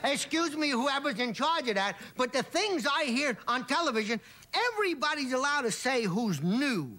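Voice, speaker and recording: Older male comic guest, slangy storyteller, bright tone with a bouncy, wide-ranging delivery. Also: very high voice, big pitch swings, moderate pace. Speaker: talk show guest. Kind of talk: casual chat with joke telling.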